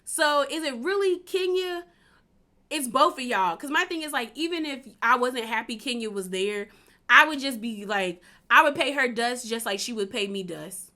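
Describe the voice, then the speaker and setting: A young woman with a bright, forward voice sitting a touch high, chatting loosely through a reality-show recap. She laughs often and leans on filler words as she goes. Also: lively intonation, normal speed. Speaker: recap vlogger.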